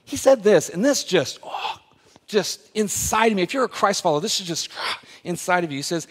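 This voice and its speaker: A man preaching a sermon as the pastor, talking casually and then building to loud, emphatic preaching. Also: high voice, expressive, a little fast, husky. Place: church sanctuary. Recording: long reverb of a church hall.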